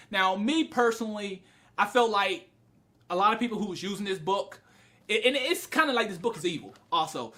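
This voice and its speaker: Animated, excitable man telling stories. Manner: animated storytelling, bursts into loud high yelling; frequent swearing and laughter. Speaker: anime reviewer. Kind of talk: casual video review.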